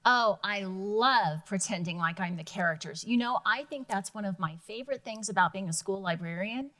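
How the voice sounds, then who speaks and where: A woman school librarian who is a guest in a children's reading lesson. She talks in a quick, chatty way with a storyteller's ease, at a mid pitch. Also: bright, forceful tone.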